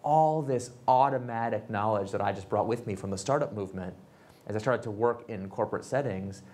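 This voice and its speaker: A man in his thirties, an author and entrepreneur, telling animated stories at a fireside chat and acting out the people he quotes. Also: on the low side, a little fast. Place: event space with audience.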